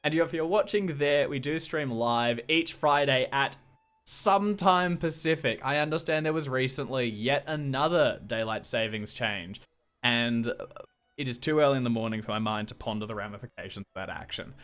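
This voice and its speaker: Man, stream co-host, halting, lots of uh, casual intro. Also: mid-range voice, a bit bright, smooth. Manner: halting, many filler sounds.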